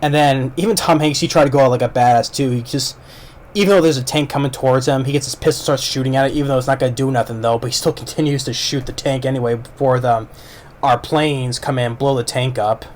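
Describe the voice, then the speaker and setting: A man's voice: mid-range voice, fairly even intonation, quick pace, a little mellow, slight background noise. A man giving a casual, rambling movie review, retelling the plot with lots of fillers and restarts.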